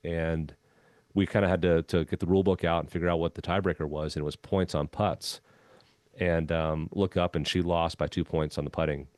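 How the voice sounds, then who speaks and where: A man who used to be a golf club head pro tells a long anecdote in an interview, relaxed and full of "um" and "you know.". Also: low-pitched, a little fast, no room sound. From Minnesota. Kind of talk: storytelling in a conversational interview.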